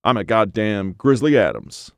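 A man's voice: fairly low pitch, very animated, normal speed, no echo, clean studio sound. A man reading a crude, sarcastic hiker. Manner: sarcastic, cursing, blunt. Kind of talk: audiobook character voice.

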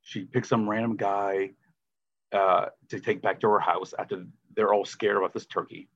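Husky-voiced sarcastic male podcaster. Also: fairly low pitch, fairly even intonation, moderate pace, a bit bright, highs cut off. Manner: sarcastic, acts out quotes. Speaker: podcast co-host. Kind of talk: casual movie review chat.

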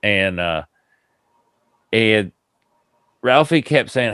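A podcast host with a fairly low-pitched voice, speaking a little slowly on a dry recording, rambles through a long, funny story. In this casual storytelling chat, he laughs and animatedly acts out the people involved, quoting their voices.

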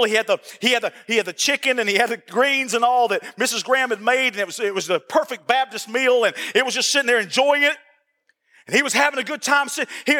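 Male pastor, very high bright voice, fervent repetitive preaching, church hall reverb. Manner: impassioned, repeats phrases, addresses congregation directly. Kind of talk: sermon. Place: church sanctuary.

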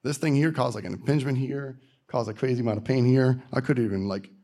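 A man's voice: medium pitch, fast, dark tone. A man gives a casual, earnest personal testimony to a group and fills his speech with "like.". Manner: casual and earnest, with lots of fillers.

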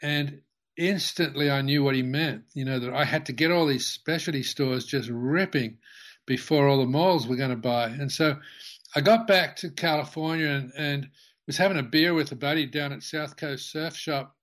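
An older man, a company founder, tells a long anecdote in an interview, halting with many restarts and fillers. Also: fairly high pitch, a bit bright.

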